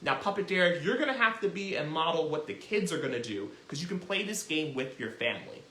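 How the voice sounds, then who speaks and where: A man hosting a children's music lesson, talking in an animated, encouraging way and demonstrating as he goes. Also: a little high, fast talker, echoey room. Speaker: children's music teacher and host.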